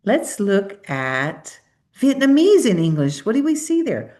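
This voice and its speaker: A woman's voice: medium pitch, huge pitch swings, normal speed, darkish tone. A middle-aged woman whose first language is Spanish gives a conference presentation, demonstrating speech sounds aloud and coaxing listeners to repeat them. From Spanish-speaking.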